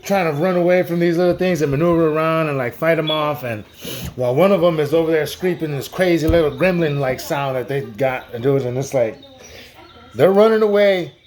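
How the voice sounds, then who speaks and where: A man's voice: on the high side, darkish tone. A man improvising a made-up story in a loose, rambling, slangy way, full of "like" and "dude". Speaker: storyteller host.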